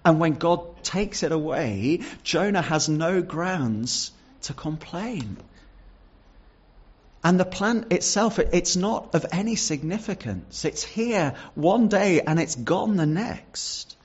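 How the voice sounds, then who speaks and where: A man's voice: a little high, lively intonation, slow, slightly rough, highs cut off. A man preaching a sermon, reading Bible verses and explaining them earnestly, with some stumbles and repeated words. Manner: repeats words and restarts with fillers.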